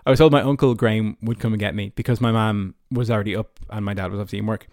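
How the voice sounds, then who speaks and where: Very fast and fairly even in intonation, this Irish-accented podcast host in his early twenties has a lowish, slightly mellow voice, recorded dry and clean in a studio. His personal stories ramble along chattily, thick with "like" and "you know."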